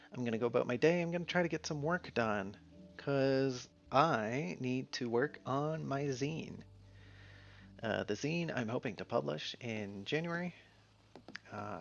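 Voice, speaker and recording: A man streaming a game in a relaxed, casual way, musing to himself as he plays. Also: medium pitch, vocal fry. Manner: easygoing, mumbles to himself while playing. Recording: slightly dull sound, faint music behind.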